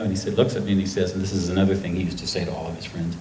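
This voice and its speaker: Man, middle-aged, from North Carolina, deep voice, rambling emotional storyteller, echoey hall. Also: fairly even intonation, rapid-fire, few pauses, a little mellow. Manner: rambling, emotional, acts out quotes. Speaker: author on festival panel. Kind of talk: anecdotal storytelling to an audience. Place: festival stage before a live audience. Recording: echoey hall with faint noise.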